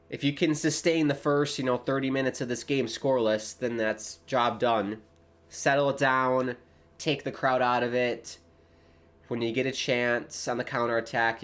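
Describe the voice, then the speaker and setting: Chatty male streamer calling a match live. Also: medium pitch. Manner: chatty, rises excitedly on play-by-play, talks to chat. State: early-morning voice. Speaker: watchalong streamer host. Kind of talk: casual live match commentary.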